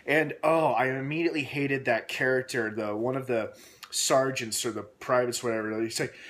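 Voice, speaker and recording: A man talking at home in an unscripted recap, his delivery loose and rambling with plenty of "uh"s and "you know"s. He gets animated and opinionated as he goes, at a mid-range pitch. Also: normal speed. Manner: rambling, animated, with frequent fillers and laughs. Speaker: show recap reviewer. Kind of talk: casual spoken episode recap.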